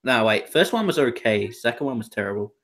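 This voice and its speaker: A young man with an Australian accent rambles through a casual podcast chat, leaning on fillers and restarting his sentences. His voice sits in an ordinary middle pitch. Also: animated, fairly quick, fairly bright tone. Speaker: podcast co-host.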